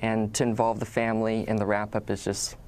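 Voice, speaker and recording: A man's voice: lowish voice, monotone, fairly quick, a little mellow, slight background noise. A man being interviewed about his acting work, answering in an easygoing, chatty way and laughing often. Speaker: actor guest.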